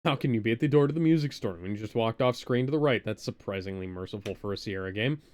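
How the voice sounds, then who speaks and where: A man's voice: fairly low pitch, quick pace, darkish tone, dry recording. A man streaming an old adventure game, reading its narration aloud and adding wry, laid-back comments into a close microphone at home. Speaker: let's play streamer.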